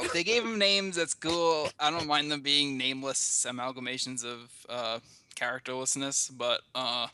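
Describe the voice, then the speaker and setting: A laid-back man who muses in a halting, dry way. His voice is very sharp and bright. It is recorded close, with no room sound at all. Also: mid-range voice, steady tone, smooth, no echo. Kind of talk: casual podcast chat.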